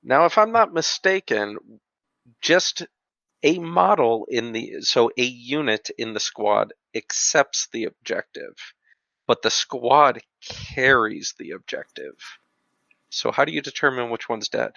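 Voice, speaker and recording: A mid-pitched man with a gravelly, creaky voice argues rules points in a measured way on a casual podcast. His sound is dry and dull, with a lo-fi feel. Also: animated, sharp tone, no room sound.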